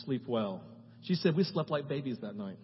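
A man preaching a sermon as pastor, swinging from hushed tones to loud, fervent prayer and often asking the audience "right?". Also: medium pitch, sing-song, moderate pace, slight background noise. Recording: dull, echoey church hall.

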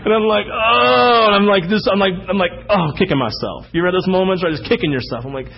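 Husky-voiced pastor preaching a lively sermon. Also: male voice, high-pitched, quick pace, hardly any pauses, dull audio. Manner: animated storytelling, acting out anecdotes with sudden shouts.

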